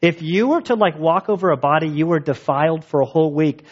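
A man's voice: a little high, fast. A male pastor preaching a sermon in a casual, joking, conversational way. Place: church. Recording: dull lo-fi sound.

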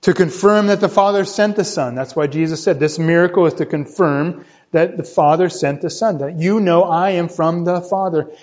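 A man preaching a sermon, explaining scripture and often checking in with "right?", climbing higher when he stresses a point. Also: normal speed, darkish tone. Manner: teaching, often checks with "right?", rises in pitch for emphasis. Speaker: pastor. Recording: dull lo-fi sound.

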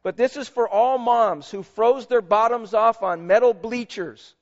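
A man's voice: extremely high pitch, a little slow, muffled recording. A man preaching a sermon as pastor, emphatic and conversational, with asides to the congregation.

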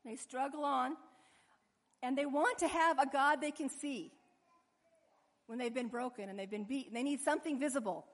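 A woman with a fairly high voice preaches a sermon, lively and expressive. She acts out the people in her story as she goes. Her voice carries a long hall reverb. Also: moderate pace, long pauses.

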